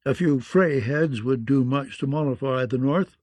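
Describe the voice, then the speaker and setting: A man voicing a sly counselor who speaks in a measured, insinuating way. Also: medium pitch, a little mellow, dry recording, close to an everyday voice.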